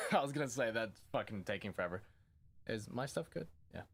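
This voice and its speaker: Talking back to the game as he plays, this young YouTuber gives casual, goofy commentary and startles easily. The voice is fairly low but expressive, fairly quick and a bit bright, with a little hiss or hum in the recording.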